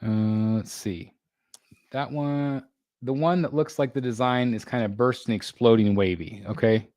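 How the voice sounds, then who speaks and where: A man with a mid-range, darkish voice reads viewer comments during a casual livestream in a home room under construction. The sound is clean studio audio without echo. He speaks haltingly, with lots of fillers and restarts, and laughs often.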